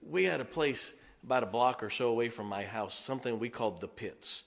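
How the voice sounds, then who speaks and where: A man preaching, telling a folksy, animated, self-mocking story from the pulpit. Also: medium pitch, brisk, gravelly, few pauses. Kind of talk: storytelling sermon. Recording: long reverb of a large hall.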